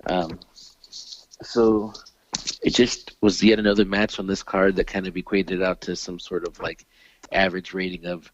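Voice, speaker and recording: A man's voice: deep voice, little pitch movement, moderate pace, dry recording, highs cut off. A man giving a casual review, hedging and hesitant in his phrasing.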